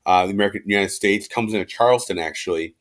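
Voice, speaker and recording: This recorded class lecture features a man teaching history quickly in a fairly low voice. He keeps it casual and slangy, restarts loosely, leans on fillers, and performs quotes in everyday language.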